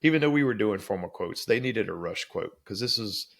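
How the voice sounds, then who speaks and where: Gravelly man telling a story. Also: fairly low pitch, fairly quick. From Louisiana, USA. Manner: lively storyteller acting out quoted dialogue. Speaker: guest. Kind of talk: storytelling in a podcast interview.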